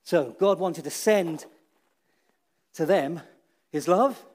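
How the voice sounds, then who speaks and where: A man with a slightly raised voice leads a children's talk in a church hall. He tells the story with restarts and hesitations, lifts his voice for dramatic moments and sinks low and quiet for the solemn ones. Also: slow pace. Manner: storytelling with many restarts, dramatic rises and hushed drops. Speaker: preacher.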